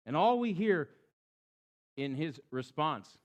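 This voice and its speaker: Slow, expressive male preacher. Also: on the high side. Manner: expressive storyteller, rising and falling for emphasis. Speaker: pastor. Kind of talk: sermon.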